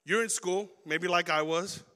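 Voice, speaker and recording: A man preaching a sermon to young people, animated and acting out everyday scenes as he talks. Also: high voice, measured pace, big-room sound.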